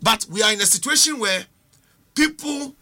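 Ghanaian guy on a political panel, high lively voice, really bright and sharp, keeps firing rhetorical questions. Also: moderate pace. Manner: animated, rhetorical, switches between English and Twi. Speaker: political commentator. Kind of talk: studio political discussion.

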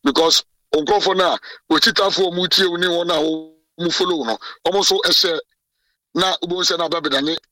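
A Ghanaian man speaks emphatically in a radio interview, often restarting his sentences. His voice is bright and forceful, and it sits a little high. He is heard from some distance in a dry recording. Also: steady tone, moderate pace, no room sound. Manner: code-switching, emphatic, frequent restarts. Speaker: president of a journalists' association.

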